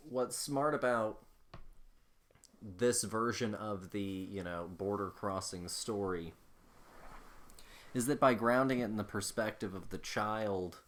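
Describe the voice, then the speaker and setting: Low-voiced man analyzing a film. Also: slow, pauses often, a bit bright. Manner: thoughtful, explanatory, recommending. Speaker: podcast co-host. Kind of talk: casual film discussion.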